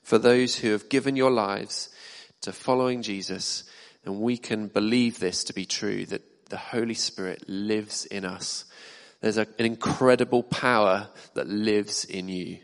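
A man's voice: lowish voice, fairly even intonation, measured pace, creaky, few pauses. A man preaching a sermon in a church hall, talking conversationally and asking the congregation questions. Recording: long reverb of a hall.

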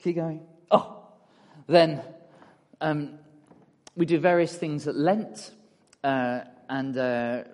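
Middle-aged male preacher, easygoing and talky, a bit high-pitched, heard in a reverberant hall. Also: extremely slow, pauses often. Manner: relaxed and chatty, many fillers, asks audience "yeah?". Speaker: speaker at a church talk. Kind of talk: conversational sermon with slides.

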